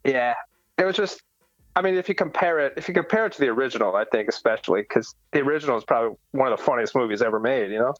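A man's voice: medium pitch, animated, rapid-fire, no echo. A man hosting a podcast in casual chat, laid-back and rambling, full of fillers. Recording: dull lo-fi sound.

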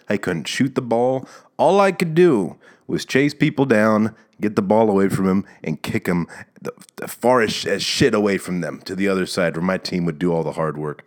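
Lively, low-voiced man rambling jokingly. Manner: jokey, self-mocking, rambling. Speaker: podcast host. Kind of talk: rambling solo podcast monologue.

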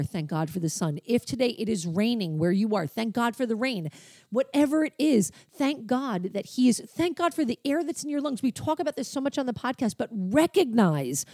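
A woman's voice: a little high, a little mellow, no room sound, studio quality. A woman co-hosting a faith discussion podcast, speaking earnestly and with emotion, often in a preaching tone. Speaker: podcast co-host.

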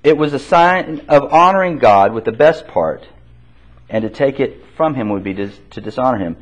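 A man teaches an interactive Bible class, asking the group questions and echoing their answers back. He talks conversationally with restarts, in a mid-range voice with lively intonation at a moderate pace, captured in a dull lo-fi classroom recording.

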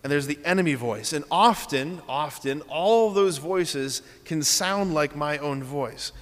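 A man's voice: on the high side, unhurried, in a large hall. A man preaching a sermon, earnest and repeating key phrases as he leads the congregation through simple exercises.

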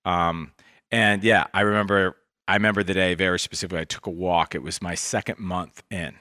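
A man being interviewed as a guest, recounting his career in a thoughtful, soft-spoken, reflective way. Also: low voice, steady tone, fairly quick, no room sound, studio quality. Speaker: interview guest, investment fund co-founder. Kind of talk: reflective personal storytelling.

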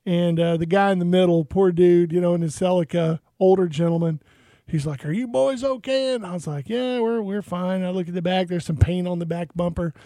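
A middle-aged man co-hosting a radio show, telling a story with lively quoted voices. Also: high-pitched, fairly quick, dry recording. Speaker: radio co-host. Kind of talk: casual radio banter, storytelling.

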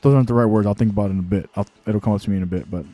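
A man's voice: on the low side, fairly even intonation, rapid-fire, dark tone, dry recording. A man casually chatting while watching a game live, rambling with lots of fillers and restarts. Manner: laid-back, chuckles between thoughts. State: voice getting lower and tired. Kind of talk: casual live-stream chat.

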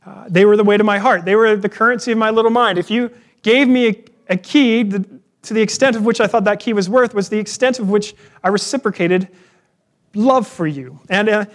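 A man preaching a sermon in a relaxed, conversational way, weaving in personal stories. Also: high-pitched, fairly quick. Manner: conversational, storytelling with personal anecdotes. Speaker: pastor.

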